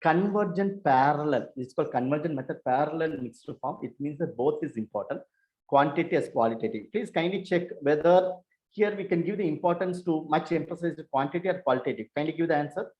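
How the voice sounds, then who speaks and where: Over a lo-fi video call, a man with a voice on the high side lectures a university class on research methods. His explanations are halting and repetitive, and he frequently corrects himself.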